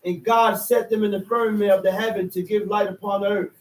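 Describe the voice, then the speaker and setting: High-voiced man reading scripture. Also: level tone. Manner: measured, formal reading. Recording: echoey and distant.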